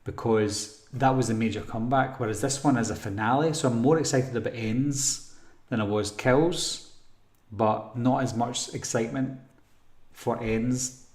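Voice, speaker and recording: A man hosting a casual live Q&A for a horror channel, reading chat questions and answering in a rambling way with lots of ums. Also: medium pitch. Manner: relaxed, rambling, frequent ums and throat clearing. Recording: roomy echo.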